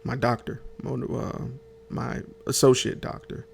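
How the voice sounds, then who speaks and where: With a creaky, flat, medium-pitched voice at a measured pace, a man hosting a podcast rambles through a funny story. There's slight background noise, and he talks directly to listeners in a chatty way, filling it with fillers and restarts.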